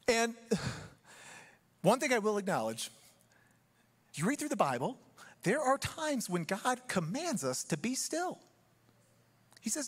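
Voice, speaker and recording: A man preaching a sermon in church, telling the story with humor and acting out quick asides. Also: very high voice, sing-song, fairly bright tone, slightly rough. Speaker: pastor.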